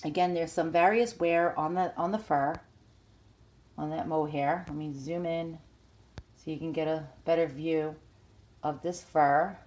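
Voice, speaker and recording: Chatty New York woman, lowish voice. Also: steady tone, measured pace, a little mellow. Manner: chatty, hesitant, many fillers. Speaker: collector showing a teddy bear. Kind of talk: casual show-and-tell vlog. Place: outdoors, then indoors at home.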